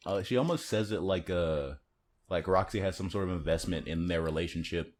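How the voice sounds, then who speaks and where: A man co-hosting a podcast in casual chat, laughing often and talking in a relaxed way. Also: deep voice, a little fast. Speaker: podcast co-host.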